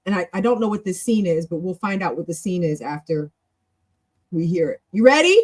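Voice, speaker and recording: A woman with a husky, slightly breathy voice leads a relaxed practice session. She talks in a chatty, encouraging way, wandering off on tangents and circling back with restarts. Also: fairly low pitch, fairly quick. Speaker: host leading a language practice session. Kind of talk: casual teaching talk.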